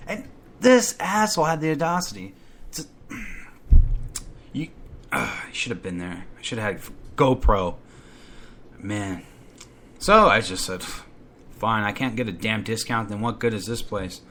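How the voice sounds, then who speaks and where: A man telling a comic story about himself in a profane, animated rant, acting out his own outbursts. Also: lowish voice, measured pace, pauses often, a little hiss or hum. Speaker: podcast storyteller. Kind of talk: comedic first-person rant.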